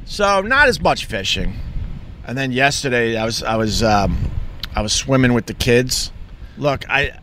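Bright-voiced candid man from Long Island. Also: medium pitch, very animated, measured pace, a little hiss or hum. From Long Island, New York. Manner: rambling, candid, swears freely. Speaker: vlogger. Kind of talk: casual personal monologue.

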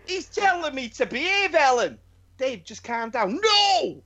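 A man's voice: very high voice, sing-song, moderate pace, fairly bright tone, muffled recording. A man on a podcast, chatting casually and telling stories in a rambling way, swearing and restarting his sentences often. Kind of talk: casual chat.

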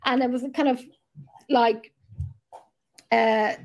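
A woman with a southern Irish accent chats away on a casual podcast, her voice pitched high. She talks loosely and laughs a lot. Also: fairly even intonation, slow. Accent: Irish, from the south (Drogheda area). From Ireland. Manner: chatty, laughing, swears casually. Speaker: podcast co-host. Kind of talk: casual chat.

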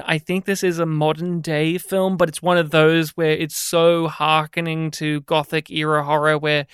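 A man's voice: on the high side, a bit bright, clear, resonant tone, dry recording, studio quality. A man co-hosting a casual film podcast, chatty and rambling, drawing out his words. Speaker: podcast co-host.

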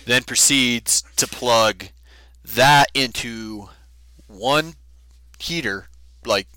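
A man's voice: mid-range voice, drawn-out words, sharp tone, clean tone, no room sound. A man co-hosting a podcast, telling a story casually and animatedly with lots of fillers.

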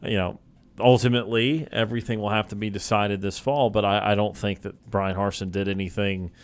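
A man on a sports talk show speaks in a low, smooth, clear voice. He delivers his view in a measured way. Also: flat delivery. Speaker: radio co-host. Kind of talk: casual sports commentary.

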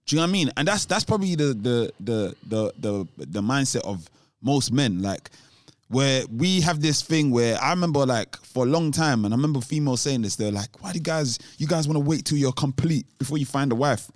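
A man's voice: mid-range voice, animated, brisk, no echo. A man chatting casually as a co-host, rambling off on tangents with lots of restarts and street slang. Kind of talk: casual chat.

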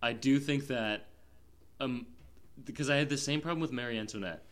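A man's voice: medium pitch, normal speed, a bit bright. A man co-hosting a film podcast, chatting casually and rambling with lots of fillers. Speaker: podcast co-host, film reviewer. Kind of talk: casual chat.

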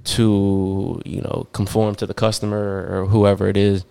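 A young man hosting a podcast, talking casually and haltingly, often restarting his sentences. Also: lowish voice, little pitch movement, creaky, dark tone, clean tone. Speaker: podcast host. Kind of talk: casual chat.

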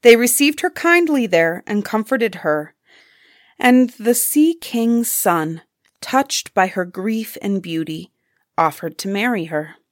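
Expressive woman reading a fairy tale. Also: medium pitch, takes it slowly, no room sound, studio quality. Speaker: storyteller. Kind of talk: scripted storybook narration.

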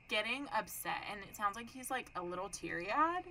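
Bright, animated woman. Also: mid-range voice, normal speed, hardly any pauses, a little hiss or hum, rough recording. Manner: animated, profane, acts out voices in her story. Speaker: podcast co-host. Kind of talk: casual chat, storytelling.

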